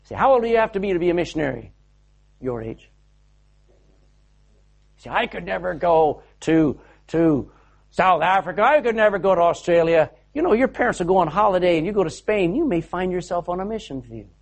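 A man preaching to a gathered audience in a fervent, urging way. His voice sits a little high and sounds husky. He calls out and directs volunteers between points. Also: lively intonation, brisk. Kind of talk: sermon. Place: hall with a live audience.

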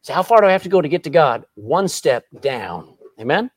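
A man preaching a sermon as pastor, emphatic and animated, often turning to the congregation with questions. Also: a little high, a little fast, slightly rough, no echo.

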